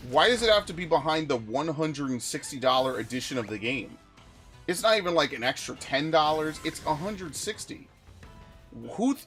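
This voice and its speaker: A man's voice: fairly high pitch, fairly bright tone. A man streaming a game, ranting with exasperation and lots of swearing. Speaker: gaming streamer.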